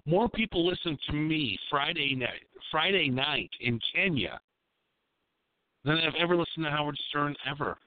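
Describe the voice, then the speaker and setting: A man's voice: a little high, lively intonation, moderate pace, no echo. A man hosting a live call-in radio show, talking in a rambling, crude and provocative way. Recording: dry tinny phone-like sound.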